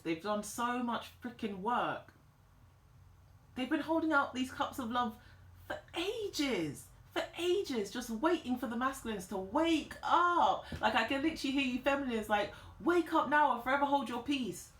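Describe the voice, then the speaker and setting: A woman giving a tarot reading in a vlog, talking in an emphatic, animated and slangy way. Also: fairly high pitch, unhurried. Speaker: tarot reader. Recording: roomy echo.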